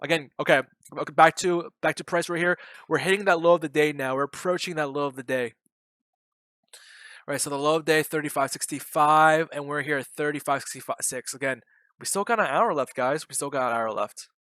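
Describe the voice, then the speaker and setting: A young man giving loud, joking live commentary on his day trades, bantering and swearing with his chat. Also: a little high, a little fast, no room sound. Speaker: day trading streamer.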